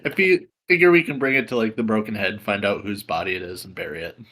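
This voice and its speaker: A man's voice: fairly low pitch, fast talker, pushed and bright. A man playing in a tabletop game over a voice call, laid-back and casual. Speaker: player.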